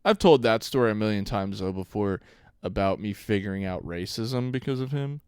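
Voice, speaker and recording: Rambling storyteller man, smooth dry voice. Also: lowish voice, normal speed, darkish tone, no echo. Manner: rambling storyteller, laughs often. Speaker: podcast co-host. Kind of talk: casual chat.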